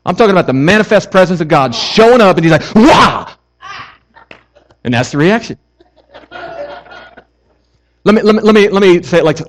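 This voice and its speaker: Male pastor, high voice, fervent and chatty from the pulpit. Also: low-quality recording. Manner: passionate, conversational preaching with casual asides. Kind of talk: sermon.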